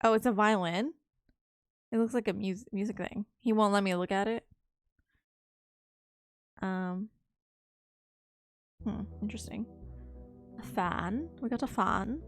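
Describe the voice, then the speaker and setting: A woman's voice: medium pitch, a little slow, long pauses, no echo, soft background music. A young woman chatting casually while she plays a game, rambling and swearing when she gets stuck. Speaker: streamer. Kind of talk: casual live-stream commentary while playing.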